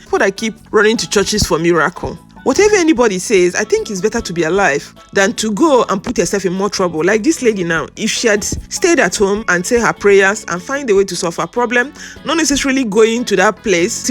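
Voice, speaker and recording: A commentator talking through a story in an indignant, musing tone. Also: mid-range voice. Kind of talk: casual commentary.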